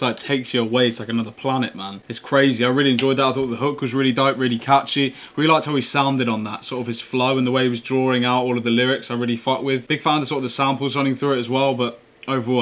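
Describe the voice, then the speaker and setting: A man's voice: mid-range voice, fairly bright tone. A man hosting a music reaction video, chatting casually in an enthusiastic, slangy, rambling way.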